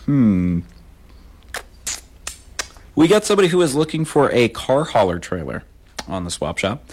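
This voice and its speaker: A man's voice: medium pitch, big pitch swings, measured pace, a little mellow. A man hosting a local call-in radio swap show, reading listings and phone numbers in a loose, casual way. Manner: casual, repeats phone numbers, slangy asides. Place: radio studio.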